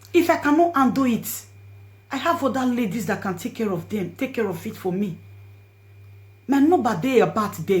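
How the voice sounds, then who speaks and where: A woman with a Nigerian accent telling a personal story to her viewers, swinging between hushed asides and loud pleading. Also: on the high side. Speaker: vlogger. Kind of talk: storytelling to camera in Pidgin.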